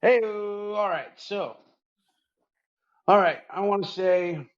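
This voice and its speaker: A man's voice: sits high, slow. Laid-back swearing podcast guy, lo-fi. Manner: laid-back, swears freely, earnest pep talk. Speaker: podcast co-host. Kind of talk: casual podcast chat. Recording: dull lo-fi sound.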